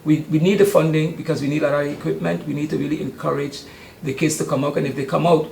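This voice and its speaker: Gravelly older man. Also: a little high, level tone, quick pace, a little hiss or hum. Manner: chatty and warm, often hesitating with ums. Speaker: youth sports camp organizer. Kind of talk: casual interview. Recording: roomy studio sound.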